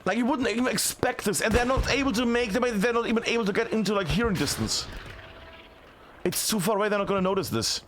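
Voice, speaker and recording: A man giving live play-by-play commentary on a video game match, chatty and excitable with many fillers. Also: sits high, fast talker, slight background noise. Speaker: esports caster.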